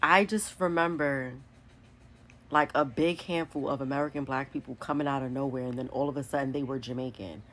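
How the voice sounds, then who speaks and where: A woman's voice: extremely low pitch, fairly even intonation, brisk, a bit bright. A woman, telling a candid storytime to her phone camera, full of likes and whatevers. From New York City. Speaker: vlogger. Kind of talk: casual storytime monologue.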